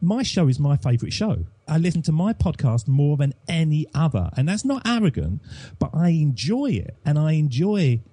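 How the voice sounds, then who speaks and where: A man from England talks about his podcast with emphatic enthusiasm. His voice is warm and mellow with a husky edge. The recording is dry and close. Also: a little high, very animated, moderate pace, no echo. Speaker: podcast host and guest. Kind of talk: casual interview chat.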